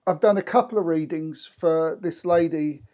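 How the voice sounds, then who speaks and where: A man co-hosting as a medium, chatting over a video call in a relaxed, rambling way with many fillers. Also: on the high side, normal speed. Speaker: medium and co-host.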